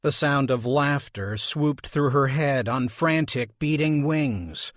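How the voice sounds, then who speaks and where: A man reading an audiobook as narrator, with slow, measured delivery. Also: medium pitch, no echo, clean studio sound. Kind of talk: scripted narration.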